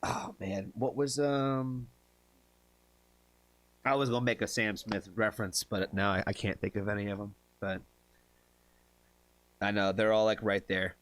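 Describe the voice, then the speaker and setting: Excitable swearing male streamer. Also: on the low side, a little slow, pauses often, no echo. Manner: excitable, swears often, chats with viewers. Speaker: music reaction streamer host. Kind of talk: casual live stream chat.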